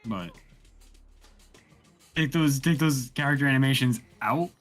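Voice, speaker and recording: A man chatting with a friend over a video game, animated and swearing freely. His voice sits in a middling range, with quiet game music under it. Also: mid-range voice, unhurried. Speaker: gamer streaming with a friend. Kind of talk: casual chat while gaming.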